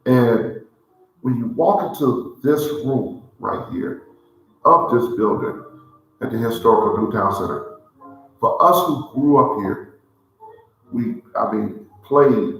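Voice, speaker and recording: Speaking slowly with long pauses, a man with a mid-range, fairly bright voice hosts a cigar show from a large, echo-filled hall in a historic building. His talk is casual, heartfelt, and rambling, and he keeps repeating himself, saying "let me say it like this here" as he starts over.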